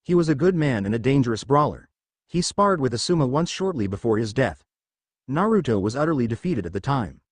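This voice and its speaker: Guy reading cocky older ninja dude, smooth and breezy, lively up and down voice. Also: mid-range voice, fairly quick, dry recording. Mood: teasing. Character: cocky older male ninja, teasing and sly.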